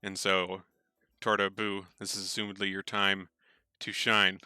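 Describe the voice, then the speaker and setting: Bright, crisp-voiced casual game master man. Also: sits low, level tone, unhurried, dry recording. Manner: casual, rambling with many fillers, laughs easily. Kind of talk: narrating a tabletop game online.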